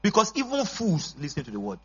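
In a church service, a male pastor preaches a sermon fairly quickly, driving his points home with call-and-response and sudden shouts. His high, bright, husky voice swings widely in pitch. The recording is dull and lo-fi, with a steady mains hum underneath.

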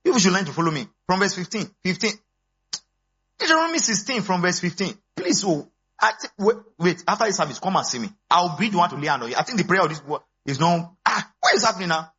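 A man, preaching a sermon as pastor, animated and swinging between low asides and high exclamations. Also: quick pace, breathy edge, lo-fi sound. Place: church.

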